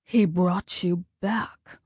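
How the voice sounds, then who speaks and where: A woman voicing a stern, commanding male war god who speaks slowly and ominously, at times in a hush. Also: fairly low pitch, fairly even intonation, slightly rough, no room sound, studio quality, heavily acted. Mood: measured, ominous.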